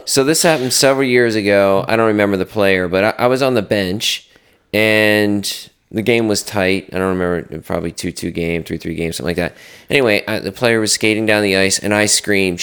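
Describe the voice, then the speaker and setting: A man's voice: fairly low pitch, normal speed, fairly bright tone, smooth. A man who coaches hockey, co-hosting a podcast and earnestly telling a story from the bench. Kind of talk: casual podcast chat and storytelling.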